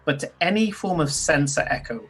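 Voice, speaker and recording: A man's voice: a little high, lively intonation, a little fast, a bit bright, slightly rough, soft background music. A man narrating as game master in a tabletop game, talking loosely with fillers and restarts. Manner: loose, descriptive, many ums and restarts.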